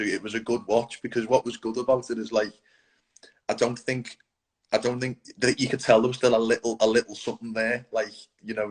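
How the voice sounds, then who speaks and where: Rambling low-voiced interviewer. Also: male voice, rough recording. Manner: rambling, friendly questions with restarts. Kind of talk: casual interview.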